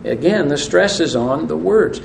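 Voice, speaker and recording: A man delivers a sermon in a fairly high, gravelly voice, reading scripture aloud and putting questions to his listeners. The recording sounds roomy and echoey, with a faint hiss underneath. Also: expressive, unhurried. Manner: asks the audience questions, reads scripture aloud. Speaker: pastor. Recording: echoey room with faint noise.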